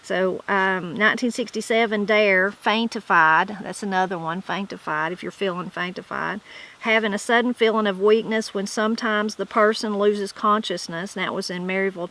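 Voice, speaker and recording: Reading out dictionary entries, a Southern Appalachian woman follows each with chatty channel-host commentary explaining the regional terms. She speaks at normal speed in a steady, sharp mid-range voice over a rough recording.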